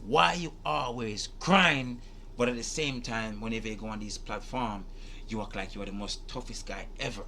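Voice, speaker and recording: A man's voice: lowish voice, bright, forceful tone, slight background noise. A man giving emphatic, rhetorical commentary on a video, repeating his questions and swearing as he makes his point. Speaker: reaction video host. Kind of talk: animated commentary to camera.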